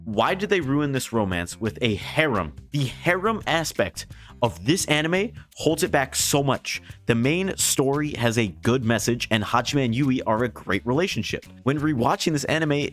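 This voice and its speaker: A man's voice: mid-range voice, expressive, normal speed, a bit bright, soft background music. A young man giving a casual, frustrated anime review, often swearing and exasperated.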